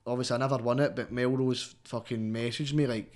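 A man's voice: mid-range voice, steady tone, fairly quick, darkish tone. A young man with a Scottish accent, a guest rapper chatting casually, rambling and swearing constantly, tagging everything with "mate.". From Scotland. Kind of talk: casual interview chat.

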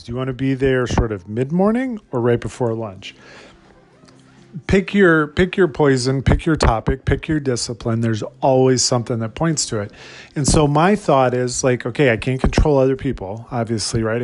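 A man's voice: medium pitch, darkish tone. A man hosting a solo motivational podcast, talking energetically and asking his listeners lots of rhetorical questions. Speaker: podcast host.

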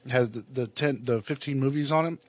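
Blunt male podcast host, casual halting delivery, dry recording. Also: medium pitch, no echo. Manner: blunt, halting with frequent fillers. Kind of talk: casual solo podcast review.

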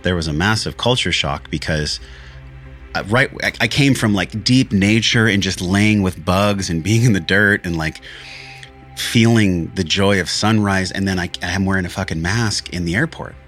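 A man's voice: low voice, normal speed, fairly bright tone, soft background music. A man hosting a podcast, talking earnestly and candidly about a spiritual journey, with frequent swearing. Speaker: podcast host. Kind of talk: candid reflective monologue.

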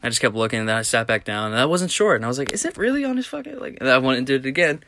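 A man's voice: medium pitch, racing, sharp tone. A tired young man hosting a solo podcast, rambling through tangents and swearing casually. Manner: rambling, profane, tangent-prone. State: tired, yawning. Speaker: podcast host.

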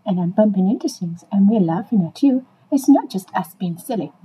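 A woman's voice: mid-range voice, expressive, fairly quick, dark tone, a little hiss or hum, natural voice, low-quality recording. Woman doing a playful, chatty talking dog. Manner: playful, chatty, addresses listeners directly. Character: playful chatty pet dog, cheeky and silly. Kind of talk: comic monologue to listeners.

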